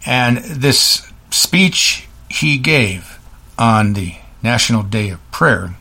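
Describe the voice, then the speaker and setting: A man hosting a political commentary show, ranting scornfully in quick bursts with frequent restarts. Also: medium pitch, lively intonation, pushed and bright, husky. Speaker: host.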